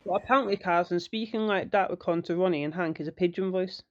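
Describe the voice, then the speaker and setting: Over a muffled, faulty mic with no room sound, a young online roleplay gamer from northern England rushes through a heated, sweary story in casual conversation. His pitch is high and his pace quick.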